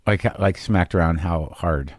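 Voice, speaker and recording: A man's voice: low voice, unhurried, no room sound, clean studio sound. A middle-aged man hosting a podcast, asking blunt, probing questions with a sardonic edge. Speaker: podcast host. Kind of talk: casual interview.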